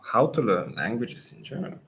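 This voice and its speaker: A man with an Italian accent, a native Italian speaker coaching Italian in a live Q&A lesson, pausing thoughtfully and restarting phrases. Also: medium pitch, very animated, creaky, slight background noise, rough recording.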